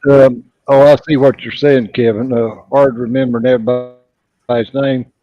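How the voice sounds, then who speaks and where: A man hosting a casual live stream, talking in an easygoing, halting way. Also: mid-range voice, little pitch movement, highs cut off, music in the background.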